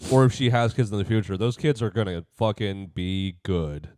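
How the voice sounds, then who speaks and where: A man's voice: on the low side, moderate pace, dry recording, studio quality. A young man co-hosting a casual podcast, joking and swearing in loose chat. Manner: animated, jokey, swears casually. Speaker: podcast co-host.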